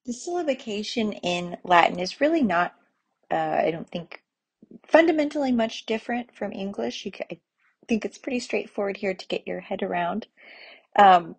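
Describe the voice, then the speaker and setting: A woman teaching pronunciation in a relaxed spoken lesson, patient and explaining step by step with examples. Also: medium pitch, slightly rough. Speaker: Latin teacher.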